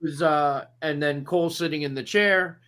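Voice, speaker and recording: A man's voice: on the high side, steady tone, moderate pace, fairly bright tone, smooth. A man co-hosting a podcast in casual chat, setting up questions and giving his own take. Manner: conversational, poses questions. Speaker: podcast co-host.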